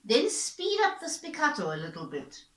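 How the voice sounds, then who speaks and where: A woman's voice: a little high, huge pitch swings, moderate pace, a bit bright, roomy sound, low-quality recording. A woman violin teacher patiently explaining bowing practice, repeating points and encouraging the student. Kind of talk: instructional explanation.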